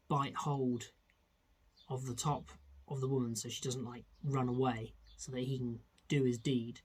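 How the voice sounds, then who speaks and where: A man's voice: mid-range voice, husky. A man hosting a comedic vlog, talking in a rambling, crude way with frequent restarts. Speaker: vlog host. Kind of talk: casual comedic vlog chat.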